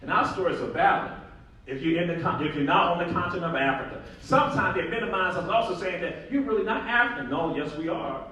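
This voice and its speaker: A man's voice: high voice, fast talker, recorded from a distance. Emphatic man lecturing in an echoey hall. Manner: emphatic and animated, repeats key phrases. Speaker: conference speaker. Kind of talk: public lecture.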